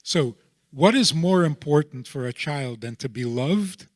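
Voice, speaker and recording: A man being interviewed as a rabbi, explaining his views in a deliberate way and often checking in with a rhetorical question. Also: on the high side, expressive, no echo, clean studio sound.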